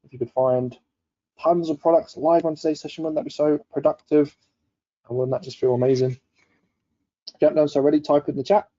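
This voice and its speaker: A man hosts a live-streamed coaching session, chatty and upbeat as he greets viewers and reads their comments aloud. His voice is deep, dark and mellow. The stream audio is a little dull and lo-fi. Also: fairly even intonation, fairly quick, pauses often. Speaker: webinar host.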